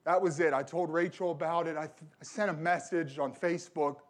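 A pastor preaches to his congregation, mixing scripture with a personal story. His voice sits a little higher than most men's, and he leans on repetition to push each point home. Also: fairly even intonation, fairly quick. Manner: repeats phrases for emphasis. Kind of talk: sermon.

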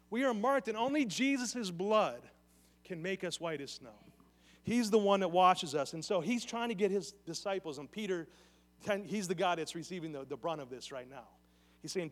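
A man's voice: high voice, fairly bright tone. A man preaching a sermon as pastor, earnestly putting questions straight to his congregation. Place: church sanctuary. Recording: long reverb of a church hall.

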